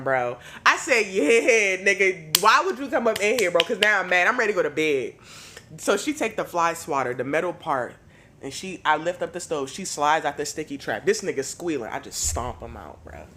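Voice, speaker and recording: A woman hosts a casual podcast and tells stories with plenty of swearing and animation. Her voice is bright, and her pitch swings widely as she talks. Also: normal speed, a little hiss or hum. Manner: animated, profane storytelling. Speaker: podcast host.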